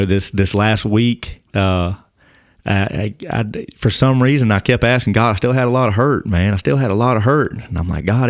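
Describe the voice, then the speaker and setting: Earnest, halting man with a dry sound. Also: on the low side, darkish tone, clear, resonant tone, no echo. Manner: halting, repeats words, earnest. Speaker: podcast guest. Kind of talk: personal testimony in casual conversation.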